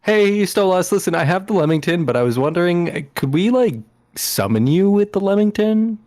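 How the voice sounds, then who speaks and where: A man voicing a flustered young woman making a hurried phone call in the middle of a fight, in a tabletop game. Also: high-pitched, lively intonation, darkish tone, voice pushed up.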